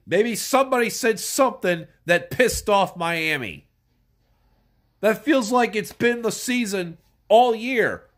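An irate fan ranting and swearing about their team, sounding stuffed up from a cold. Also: medium pitch. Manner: furious, yelling and swearing. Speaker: sports fan vlogger. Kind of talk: angry profane rant.

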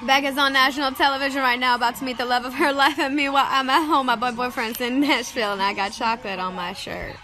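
A high-pitched young woman in her late twenties talks casually into her phone at home. Her chatty, excitable commentary jumps between teasing remarks and sudden squeals. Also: fast, hardly any pauses. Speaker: vlogger watching TV.

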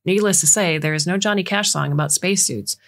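A woman reading a short story aloud in a measured storytelling manner as scripted narration. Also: fairly low pitch, a bit bright. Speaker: audiobook reader.

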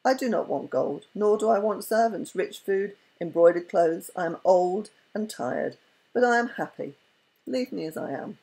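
A woman's voice: medium pitch, lively intonation, normal speed, creaky, warm tone, breathy edge, poor audio. A woman reading a humble old merchant. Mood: humble courteous. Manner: courteous, humble.

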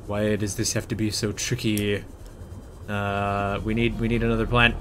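There's a bit of background noise behind this young man, whose fairly low voice moves at a moderate pace. He jokes his way through casual gameplay commentary, excitably muttering and letting out panicked yelps.

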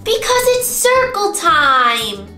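A young woman leading a toddler circle time lesson with songs, speaking in a slow, exaggerated sing-song way. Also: high-pitched, big pitch swings, pushed and bright. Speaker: preschool teacher. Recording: echoey room with music behind.

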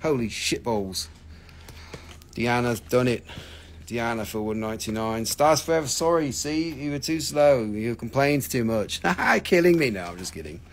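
Here a man from the United States hosts a live online gem sale in a mid-range voice at normal speed. Showing off the stones, he chats casually, cracks jokes, rambles and curses, and a faint hiss or hum runs under the recording.

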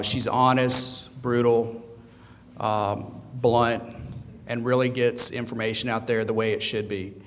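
Hesitant male event host doing an introduction, medium pitch, long hall echo. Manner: halting, with many uh and um. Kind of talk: speaker introduction. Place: large meeting room. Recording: echoey hall with long reverb.

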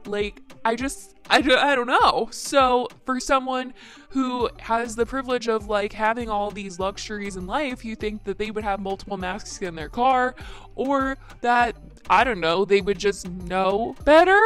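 A woman's voice: on the high side, normal speed, faint music behind. A young woman hosting a casual commentary show, exasperated, with lots of "like" fillers. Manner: exasperated, says "like" a lot. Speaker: commentary podcast host.

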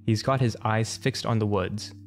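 A man narrating an internet story for comic effect in a brisk, wry, matter-of-fact way. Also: fairly low pitch, fairly even intonation, soft background music.

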